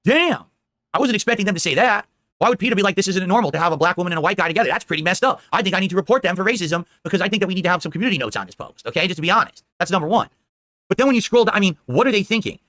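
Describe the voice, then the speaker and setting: A man hosts a live commentary stream in a high, bright voice and talks at a fast clip. He sounds indignant and rambles, checking in with "all right?" again and again. The sound is close and dry. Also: animated, no room sound.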